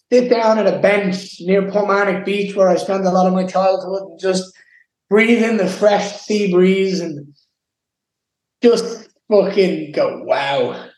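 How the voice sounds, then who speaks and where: An intense young Irish man with a high voice, speaking with raw emotion and plenty of swearing. He sounds like he is in an echoey room. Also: a little mellow. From Ireland. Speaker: guest fighter. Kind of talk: casual interview.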